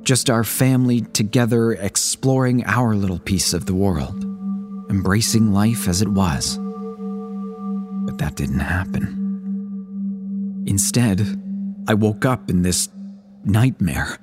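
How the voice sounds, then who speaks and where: A man's voice: fairly low pitch, measured pace. A man reading a horror story aloud as a pleading first-person letter, in scripted narration. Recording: voice over a music bed. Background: music.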